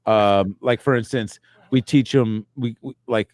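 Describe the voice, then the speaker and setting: Man, comedy podcast co-host, mid-pitched voice, rambling and meandering, dry close recording. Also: steady tone, a little slow, a little mellow, no echo. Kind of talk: casual comedic chat.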